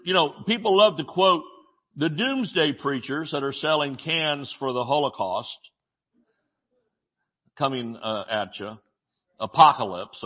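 Animated man preaching a sermon. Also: on the high side. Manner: preaching with scripture, jokes and sudden shouts. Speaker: pastor. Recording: dull lo-fi audio.

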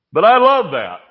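This pastor's voice is high and husky as he preaches, animatedly acting out characters and cracking jokes within his stories. The sermon audio has a dull, lo-fi quality.

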